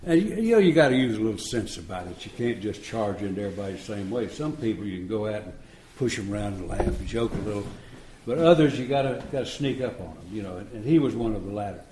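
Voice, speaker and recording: A man's voice: fairly low pitch, expressive, quick pace, few pauses, mellow, slight background noise. Folksy older man telling a story. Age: 70s. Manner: folksy, chuckling, acts out dialogue. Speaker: recovery meeting speaker. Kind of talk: storytelling talk to an audience. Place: retreat meeting room. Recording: roomy live talk recording.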